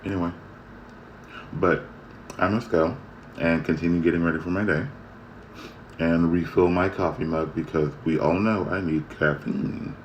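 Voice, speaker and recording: A man talking straight to the camera in a casual vlog, venting his annoyance in a heated, repetitive way that swings from loud to quiet. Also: deep voice, fairly even intonation, normal speed, long pauses, dull audio, slight background noise. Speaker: vlogger. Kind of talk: casual ranting monologue.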